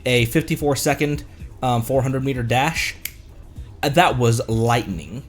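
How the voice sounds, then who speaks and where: Stuffy-nosed man chatting slowly on stream. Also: medium pitch, faint music behind. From Colorado, United States. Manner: rambling, self-mocking, laughs often. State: stuffy with a cold. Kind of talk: casual live-stream chat over gameplay.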